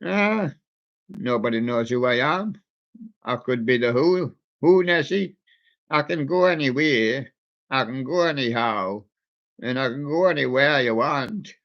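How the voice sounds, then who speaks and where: A man's voice: mid-range voice, animated, unhurried, muffled recording. A man voicing a cheeky, mysterious toy lake monster in a sing-song, teasing voice.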